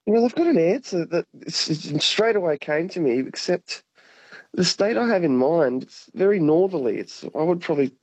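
A man's voice: a little high, lively intonation, moderate pace, darkish tone, husky, no room sound. A man calling into a radio quiz, thinking aloud as he works through his answers. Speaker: caller. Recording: muffled phone-in line.

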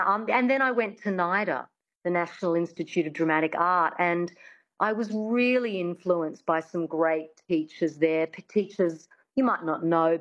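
A woman, a dialect coach explaining her craft in a chatty, easygoing interview manner. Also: on the low side. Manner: chatty, explanatory, laughs easily. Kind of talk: conversational interview. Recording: dull lo-fi sound.

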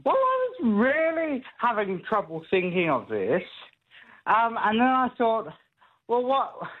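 A man's voice: very high voice, huge pitch swings, takes it slowly. A man calling in to a radio show, polite and wry, heard over a dull phone line. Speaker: caller.

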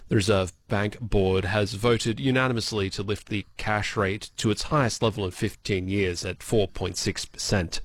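An Australian man reading local radio news and chatting afterwards, with a snuffly, congested voice from a head cold. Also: fairly low pitch. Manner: relaxed, chatty. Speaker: newsreader.

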